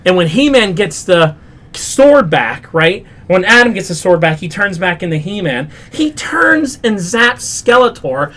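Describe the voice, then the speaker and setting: A young man hosting a casual pop culture review podcast, recapping a show in an animated, exasperated way, full of "like" and swearing. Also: high voice, measured pace. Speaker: podcast host.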